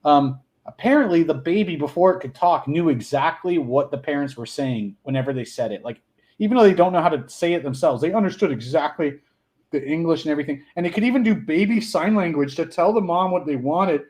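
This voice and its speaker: A man's voice: on the high side, animated, a little fast, a little mellow. A man chatting casually on a podcast, crude and joking, laughing often.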